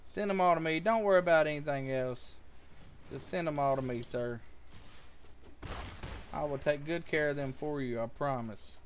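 A man's voice: a little high, moderate pace, long pauses, slight background noise. A man giving casual live gameplay commentary, joking with viewers and calling out their names. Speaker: live streamer.

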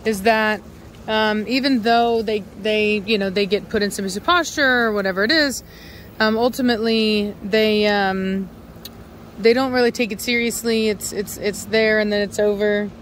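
A woman breeder chatting casually while handling her dogs in a yard, now and then calling to them in a high sing-song voice. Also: fairly even intonation, moderate pace. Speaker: dog breeder. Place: outdoor dog yard. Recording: faint outdoor noise.

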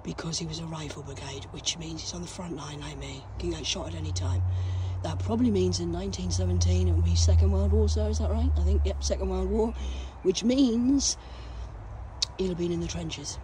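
Hoarse woman ranting to camera. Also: lowish voice, a little fast, background noise. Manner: profane, agitated and loud, veering off topic. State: hoarse, coughing. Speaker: vlogger. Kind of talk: rambling monologue to camera.

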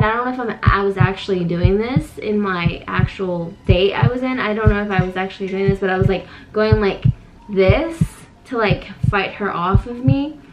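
A woman's voice: medium pitch, poor audio. A young woman casually telling a vivid story to camera, with lots of fillers, as co-host of a couple's channel. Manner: animated, many fillers, dramatic retelling.

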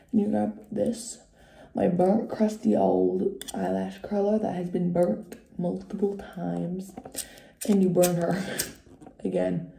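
A woman's voice: medium pitch, creaky, warm tone. A woman chatting casually through a makeup tutorial at home, joking and often dropping to a whisper. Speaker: beauty vlogger. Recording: echoey room.

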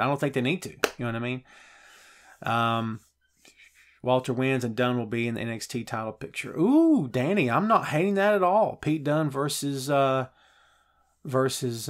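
Chatty, excitable middle-aged man host. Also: medium pitch. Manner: chatty and excitable, loose with fillers and restarts. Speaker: wrestling podcast host. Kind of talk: casual live-show chat answering viewer comments.

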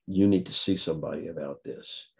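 A man quoting an exasperated husband who scolds his wife, in a low voice. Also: a little fast, creaky, a little mellow. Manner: complaining, scolding.

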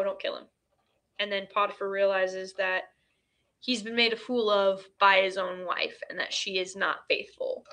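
A woman's voice: mid-range voice, sharp tone. A woman hosting a casual film recap, chatty and full of fillers, retelling scenes in quoted dialogue. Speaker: host.

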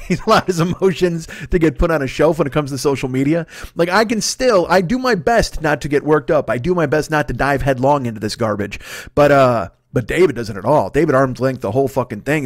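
Fast-talking profane man in his fifties. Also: mid-range voice, no echo, studio quality. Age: 50s. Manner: fast profane rambling rant with frequent restarts. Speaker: podcast host. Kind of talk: solo comedy podcast rant.

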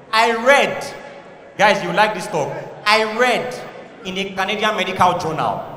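Nigerian male stand-up, high bright voice, punchy and animated, in a reverberant hall. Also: distant mic. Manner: animated, shouting punchlines, mixing in pidgin. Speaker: stand-up comedian. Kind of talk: stand-up comedy routine. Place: live comedy stage in a large hall. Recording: echoey hall from a live show.

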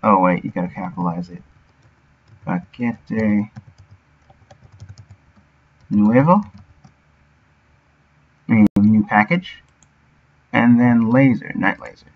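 This streamer mutters to himself while developing a game, sounding out words as he reasons through it. His lowish voice has lively intonation, but he goes slowly and pauses often, captured in dull lo-fi audio.

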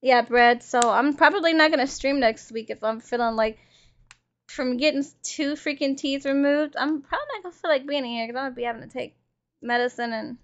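A woman livestreaming a game, chatting with viewers and swearing and shouting at the game. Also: high-pitched, a little fast. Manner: swearing, yelling at the game and reading chat. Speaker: streamer. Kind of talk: casual gaming livestream chat. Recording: dull lo-fi stream audio with game music.

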